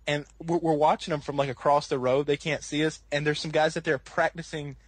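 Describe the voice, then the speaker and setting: A man on a podcast telling a long story in a casual, animated way, laughing often. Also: brisk, breathy edge, no room sound. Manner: animated, laughs often, acts out quoted people in a higher voice. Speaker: podcast co-host.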